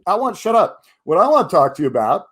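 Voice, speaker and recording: A man hosting a casual interview and ribbing his guest with dry banter. His voice sits a little higher than most men's. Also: very animated, fast, a bit bright, breathy edge. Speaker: podcast host.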